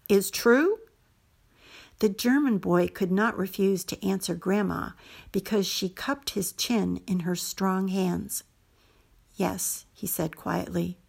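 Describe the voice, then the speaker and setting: A woman hosting a show, reading a first-person story aloud in a measured, scripted way. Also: medium pitch, creaky, a little mellow, breathy edge. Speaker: host and story reader.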